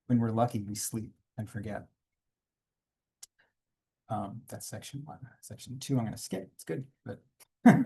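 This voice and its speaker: Male comics artist reading his memoir to a panel audience, warm, a little breathy, unhurried asides. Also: lowish voice. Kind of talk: reading aloud from his own graphic memoir. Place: conference panel room.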